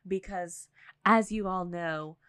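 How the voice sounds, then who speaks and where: Bubbly woman cohost, kinda low voice, chatty, laughs a lot, dry sound. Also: slow, fairly bright tone, clear, resonant tone, no room sound. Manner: chatty, bubbly, laughs often, many fillers. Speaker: podcast co-host. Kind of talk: casual chat. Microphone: studio mic.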